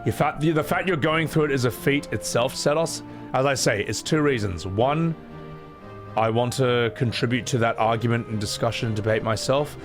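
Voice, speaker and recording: A young man streaming a game, talking casually in a rambling, profane, animated way. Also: mid-range voice, normal speed, music in the background. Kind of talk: casual gameplay reaction stream.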